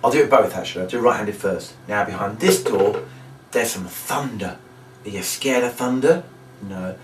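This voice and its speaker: A magician walks through a trick step by step in a chatty instructional demonstration, his lowish voice moving at a moderate pace. The mic sits at a distance in a roomy space, with faint background noise.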